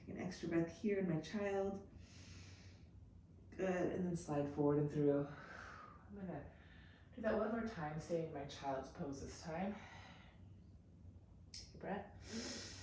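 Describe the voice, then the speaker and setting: A woman teaching a yoga class, calmly talking students through poses and breaths. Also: fairly low pitch, recorded from a distance, a little hiss or hum. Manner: calm, unhurried cueing with breath counts. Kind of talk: guided yoga instruction. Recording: very echoey room, off mic.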